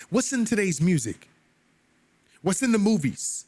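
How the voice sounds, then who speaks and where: Husky man teaching a fervent Bible study. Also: sing-song, measured pace, darkish tone, no room sound. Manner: emphatic, preacherly, pitch climbing on stressed words; casual asides to listeners.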